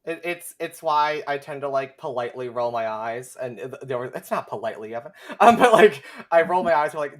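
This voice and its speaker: A young man talking as a guest on a live chat, animated and sarcastic, with frequent profanity and laughter. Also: medium pitch, brisk, hardly any pauses.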